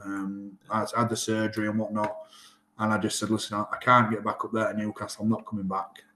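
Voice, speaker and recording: A man's voice: fairly low pitch, fast talker, a little hiss or hum. A man in his thirties with a Yorkshire accent, a rugby player telling his story in a casual interview, acting out what people said. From England. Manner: animated, acts out quoted dialogue. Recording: roomy echo.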